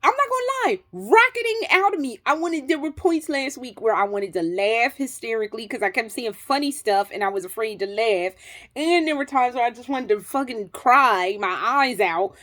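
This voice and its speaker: A woman vlogger telling a personal story in a casual, animated way, swearing freely and laughing through it. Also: a little high, normal speed.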